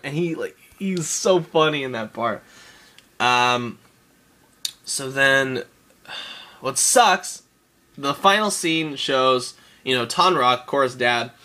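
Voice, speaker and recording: A man's voice: on the high side, pushed and bright. A man giving a casual episode recap, rambling and swearing, often laughing. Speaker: show reviewer.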